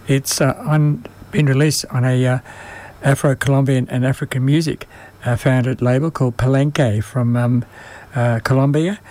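A man presenting music on the radio, speaking haltingly with many pauses and fillers, and losing his voice. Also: mid-range voice, fairly even intonation, a little mellow. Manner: halting, many ums and uhs. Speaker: radio music show host.

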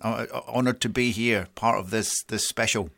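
A man's voice: on the low side, fairly even intonation, moderate pace, vocal fry, a bit bright. A man joining a radio show as guest co-host, speaking in a hesitant, stumbling way in a studio basement. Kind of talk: casual radio chat.

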